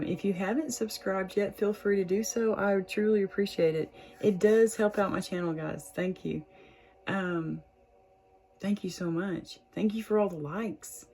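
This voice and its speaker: A woman's voice: on the low side, low-quality recording. A young woman, chatting casually to her viewers as she reads tarot, laughing often. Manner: chatty, warm, lots of "y'all" and laughs. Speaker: tarot reader, channel host. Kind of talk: casual tarot reading to camera.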